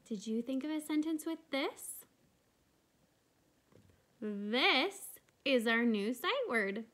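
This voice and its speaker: Slow, gentle kindergarten teacher woman. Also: a little high. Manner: slow, clear, encouraging teacher talk to small children. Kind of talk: video lesson for young children.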